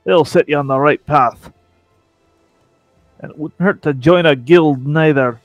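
A man voicing a worldly, rough-talking male seafaring adventurer with a folksy put-on drawl, reading game dialogue. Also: fairly high pitch, unhurried, dry recording, soft background music, pitched below the performer's own voice, lightly acted.

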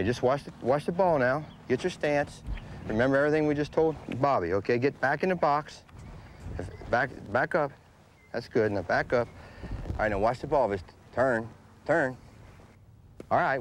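A man's voice: medium pitch, slight background noise. Man coaching kids outdoors on bunting. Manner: patient, repetitive coaching with demonstrations. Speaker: baseball coach. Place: outdoor ball field.

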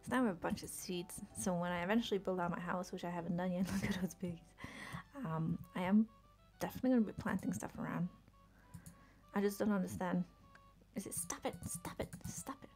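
Gravelly-voiced woman streamer chatting. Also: fairly low pitch, steady tone, fast, darkish tone, faint music behind. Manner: chatty, easily distracted, laughs often, talks to herself. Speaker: game streamer. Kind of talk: casual live-stream commentary while playing.

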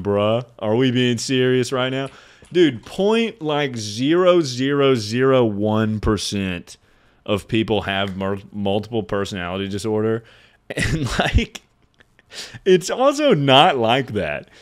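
A man's voice: lowish voice, lively intonation, slow. Tipsy, swearing male streamer. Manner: rambling, swearing, frequent laughter. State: drinking, tipsy. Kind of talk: casual game-stream chatter.

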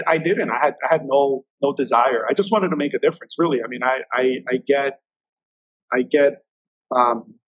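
Husky man in his fifties telling stories. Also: mid-range voice, dry recording, poor audio. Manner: loose, filler-heavy, repeats words. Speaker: federal agent guest. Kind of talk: casual interview storytelling.

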